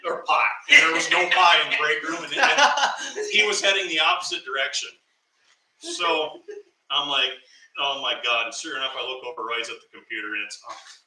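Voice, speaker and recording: A man with a very bright, forceful voice tells a story in casual chat, getting animated and breaking into laughter. He sits back from the mic in a roomy, echoey space, and faint background sound runs underneath. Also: fairly high pitch, normal speed. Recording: echoey room, mic at a distance.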